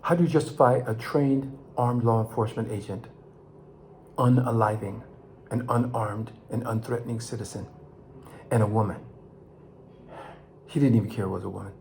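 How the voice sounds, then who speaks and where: An older man from Los Angeles, talking straight to his viewers in an emotional monologue, his voice climbing high when he is angry and sinking low and quiet as he reflects. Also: fairly even intonation, normal speed, vocal fry, long pauses, a little hiss or hum. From Los Angeles, California. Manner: impassioned, rising to near shouts then dropping low. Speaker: vlog host.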